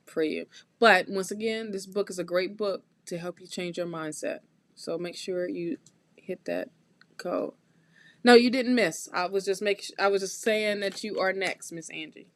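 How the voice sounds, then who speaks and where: Slow, encouraging woman reading tarot live. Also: lowish voice, dry recording. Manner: warm, encouraging, talks straight to viewers with repetitions; loose, chatty phrasing with restarts. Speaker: tarot reader hosting a live stream.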